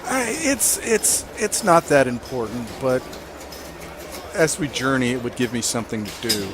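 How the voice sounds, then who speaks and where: A man's voice: mid-range voice, big pitch swings, unhurried, noisy background. A man playing in a tabletop game, asking questions in a hesitant, stammering way. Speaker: player.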